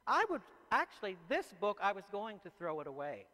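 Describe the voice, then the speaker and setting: A man, an author, speaking to a live audience as an animated and chatty storyteller. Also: sits high, a little fast, big-room sound, low-quality recording. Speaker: author giving a talk.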